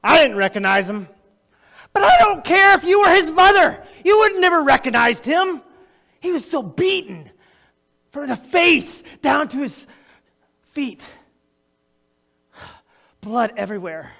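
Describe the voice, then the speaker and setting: A man playing Barabbas, a manic gravelly criminal. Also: extremely high pitch, sing-song, a little slow, long pauses, a bit bright, exaggerated voice. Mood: puzzled, hushed. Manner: boastful, erratic, talks straight to the audience. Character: notorious boastful male criminal, jittery and unhinged. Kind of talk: theatrical dramatic monologue. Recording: long echoey hall reverb.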